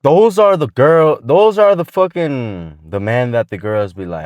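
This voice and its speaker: A man's voice: medium pitch, expressive, unhurried, hardly any pauses, darkish tone, no room sound. Slangy, profane man, dry sound. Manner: slangy, profane, rambling with restarts. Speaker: vlogger giving dating advice. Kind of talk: casual advice monologue.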